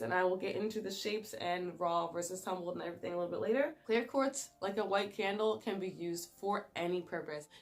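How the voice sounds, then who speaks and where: A woman's voice: lowish voice, brisk, hardly any pauses. A young woman vlogger chatting casually as she explains things and holds up stones to the camera. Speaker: crystal vlogger. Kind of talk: casual how-to talk.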